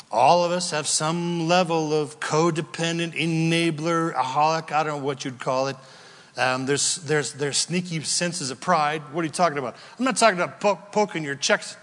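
A male pastor preaching a sermon, emphatic, full of rhetorical questions, sometimes shouting. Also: a little high, in a large hall.

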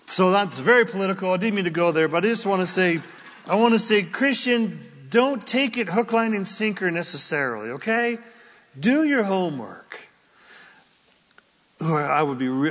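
Rambling man with a high voice. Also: lively intonation, normal speed, a bit bright, big-room sound, a little hiss or hum. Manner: rambling, jokey asides, self-interrupting. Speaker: Christian radio or podcast host. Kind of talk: casual opinionated monologue.

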